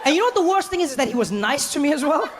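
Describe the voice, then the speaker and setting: Animated South African stand-up comedian. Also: male voice, very high-pitched, very fast, crowd noise, background noise. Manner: animated, self-deprecating storytelling. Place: comedy stage before a live audience.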